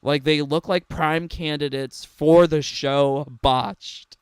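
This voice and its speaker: A man's voice: on the high side, fairly even intonation, takes it slowly, smooth, no echo, clean studio sound. A man giving sarcastic, mocking reaction commentary on a game trailer, laughing often. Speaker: gaming commentator.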